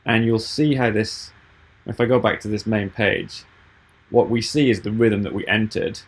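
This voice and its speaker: Man, low voice, gravelly, patient tutorial explainer, video call. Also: fairly even intonation, normal speed, slight background noise. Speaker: app developer giving a tutorial.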